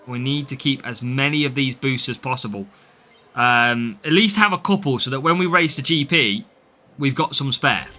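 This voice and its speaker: A man's voice: mid-range voice, moderate pace, bright, forceful tone. A young man with an English Midlands accent, chatting through live game commentary and greeting viewers by name. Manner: chatty, reads out and answers viewer names. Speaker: game streamer.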